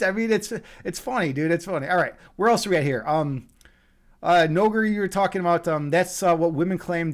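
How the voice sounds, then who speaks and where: An American streamer with a fairly high voice tells stories to his chat. He swears constantly and rambles loosely, often restarting his sentences. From USA. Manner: profane, rambling, many restarts. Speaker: livestream host. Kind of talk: casual chat, reading out chat comments.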